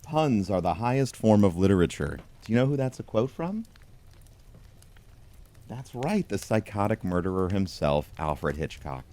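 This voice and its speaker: A man reading a pun picture book aloud as a comic bit, in a mock-solemn deadpan way, talking to a toy penguin. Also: lowish voice, normal speed. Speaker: host. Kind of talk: deadpan comedic storybook reading.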